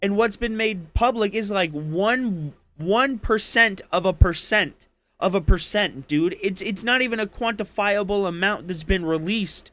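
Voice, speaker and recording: A man's voice: high voice, unhurried, fairly bright tone. A man arguing politics heatedly, cursing and throwing insults at his opponent. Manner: angry, profane, insulting. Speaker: debate participant.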